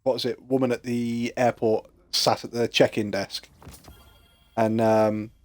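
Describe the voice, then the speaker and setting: A man's voice: medium pitch, level tone, measured pace, a little mellow, soft background music. A British man joking dryly and telling stories while gaming with friends. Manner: dry, jokey storyteller. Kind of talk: casual gaming chat.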